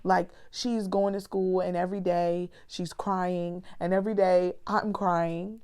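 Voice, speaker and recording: A woman shares a candid personal reflection with her audience, speaking slowly and earnestly in a low, mellow voice. Her talk is conversational, sprinkled with affectionate asides to listeners. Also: little pitch movement, clear, resonant tone. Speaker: vlogger; mother.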